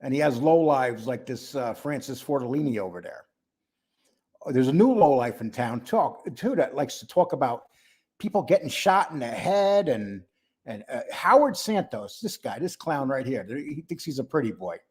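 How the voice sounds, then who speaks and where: A man's voice: medium pitch, expressive, moderate pace, darkish tone, husky. An older man hosting a casual livestream, greeting viewers by name and talking bluntly and mockingly. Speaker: livestream host.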